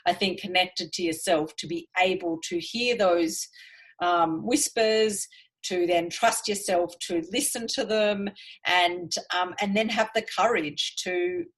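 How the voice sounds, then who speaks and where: A woman's voice: lowish voice, fairly even intonation, slow pace, breathy edge. A woman hosting a podcast, talking reflectively in a casual interview with many fillers. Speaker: podcast host.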